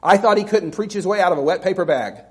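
Higher-pitched man preaching a sermon. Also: fast talker. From Alabama, US. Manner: conversational, self-deprecating, with laughing asides. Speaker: pastor.

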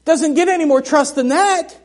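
A middle-aged man preaching a sermon in a church, telling folksy, humorous stories in an animated way. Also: very high-pitched, moderate pace. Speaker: missionary preacher. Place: church sanctuary.

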